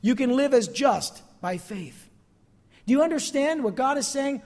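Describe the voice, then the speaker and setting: A man preaching a sermon as pastor, expressive and calling out to his congregation for amens. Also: extremely high pitch, measured pace, long reverb tail.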